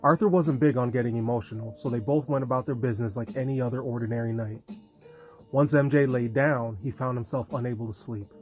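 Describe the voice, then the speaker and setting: A man's voice: mid-range voice, a little fast. Man narrating a novel, faint music. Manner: steady storytelling. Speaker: audiobook narrator. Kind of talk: scripted narration.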